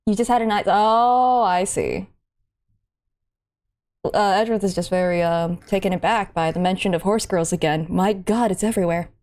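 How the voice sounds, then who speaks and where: A woman's voice: medium pitch, a little mellow. A woman hosting a casual game stream, giggly and playful. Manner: giggly, playful, quick to laugh. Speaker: streamer and host.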